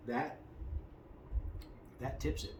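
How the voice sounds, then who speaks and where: An easygoing man co-hosts a whiskey tasting and freely admits he is new to it. His talk is casual and self-deprecating. The room is echoey, with steady background noise clearly audible. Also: extremely slow. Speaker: co-host.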